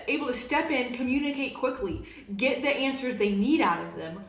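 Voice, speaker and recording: A young woman co-hosting a casual chat, explaining her ideas in an animated way and often laughing as she talks. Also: sits high, moderate pace. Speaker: co-host. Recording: echoey room.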